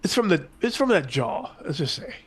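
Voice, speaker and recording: A man acting out his character at a tabletop game, with a sly, deadpan way of talking. His voice sits a little above the usual pitch for a man. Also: moderate pace, slightly rough. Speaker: player.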